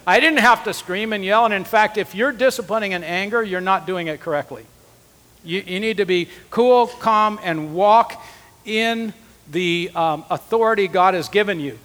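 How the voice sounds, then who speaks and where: A high, bright male voice preaching in an earnest, conversational way. He talks straight to the men in the room, and the sound rings with a long hall echo. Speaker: conference speaker. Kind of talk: sermon teaching.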